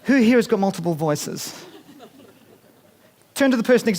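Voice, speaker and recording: Aussie guy in his 50s running a seminar, high-ish voice, jokey, keeps quizzing the crowd. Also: animated, normal speed, long pauses, a little mellow. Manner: chatty, playful, asks the audience questions. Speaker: business speaker. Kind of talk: live seminar talk to an audience. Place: conference room with audience.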